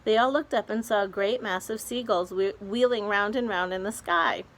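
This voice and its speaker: A woman reading a children's novel aloud in a steady storytelling way. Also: medium pitch, normal speed. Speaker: reader.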